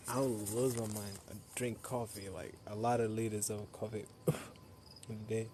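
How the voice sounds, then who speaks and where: A man's voice: on the low side, measured pace, background noise. A tired young man chatting loosely with viewers on a late-night live stream, laughing often and talking into a phone he holds while outdoors.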